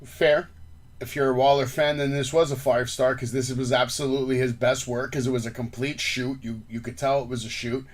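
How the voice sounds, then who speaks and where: A man hosting a casual wrestling podcast, recapping a show with lively, shifting delivery and handing off to his co-host. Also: mid-range voice, brisk. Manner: animated, recaps show events and asks co-host for grades.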